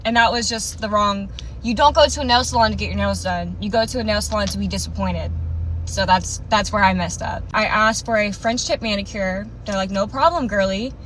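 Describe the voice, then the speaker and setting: A woman's voice: medium pitch, fairly even intonation, brisk, fairly bright tone, slight background noise, low-quality recording. A young woman telling a dramatic, sarcastic storytime rant.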